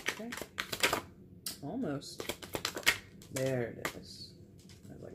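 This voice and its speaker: A woman with a notably low voice gives a casual tarot reading, speaking directly to her viewers in a chatty way. She murmurs half to herself as she lays out the cards. A steady hiss of background noise runs under the recording. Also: slow pace, long pauses. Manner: chatty, talks straight to viewers, mutters while flipping cards. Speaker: tarot reader.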